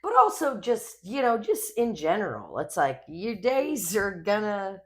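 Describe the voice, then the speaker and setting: In laid-back podcast chat, a young female co-host rambles through her stories with frequent swearing and lively storytelling. She speaks a little slowly in a medium-pitched voice.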